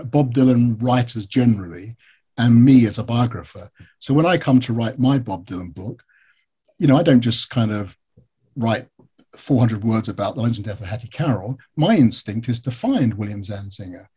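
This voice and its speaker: English male biographer, interview guest, warm husky tone, chatty anecdotal delivery. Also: medium pitch. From England. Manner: candid, storytelling, frequent fillers. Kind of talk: conversational interview answers.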